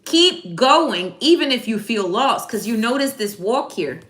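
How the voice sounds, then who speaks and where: A woman's voice: a little high, big pitch swings, a little slow, a bit bright. A woman giving a casual live tarot reading, chatty and slangy, speaking straight to her viewers by name. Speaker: tarot card reader. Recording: echoey room.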